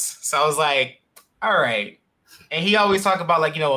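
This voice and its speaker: A young man hosting a casual podcast interview, relaxed with many fillers. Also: a little high, moderate pace. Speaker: podcast host.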